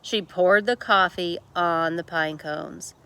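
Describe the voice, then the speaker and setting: Woman teacher, picture-book read-aloud, slow and bright. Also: fairly low pitch, clean tone. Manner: expressive, unhurried storytelling.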